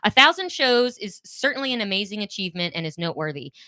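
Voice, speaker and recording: A woman with a bright, forceful voice co-hosts a casual podcast, reading listener messages aloud and slipping in wry, giggly asides. Her voice sits at an ordinary middle pitch. It is recorded close on a dry, deadened mic. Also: very animated, fast, no room sound. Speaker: podcast co-host.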